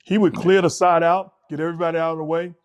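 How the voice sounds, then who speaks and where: A middle-aged man calmly breaking down basketball plays as co-host of a sports talk show. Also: on the high side, lo-fi sound. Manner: measured, coach-like breakdowns. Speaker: podcast co-host, basketball analyst.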